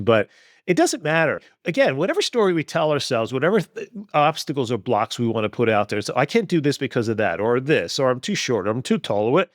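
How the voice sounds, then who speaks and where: Expressive male podcast host, dry sound. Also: mid-range voice, no room sound. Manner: frank, blunt, motivational. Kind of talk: conversational interview.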